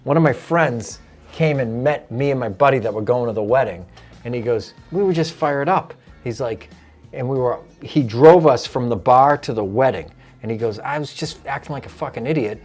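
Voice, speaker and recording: A man telling a story in casual chat, animated and profane, quoting his friends. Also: medium pitch, moderate pace, soft background music. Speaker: guest comedian.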